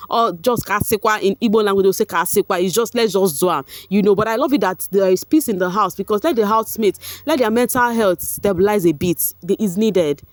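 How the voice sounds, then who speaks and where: A woman's voice: medium pitch, no room sound. Young woman, Nigerian accent, chatty recap, dry close sound. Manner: chatty, animated, laughs often, slips into Pidgin. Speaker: vlogger recapping a reality show. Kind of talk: casual commentary.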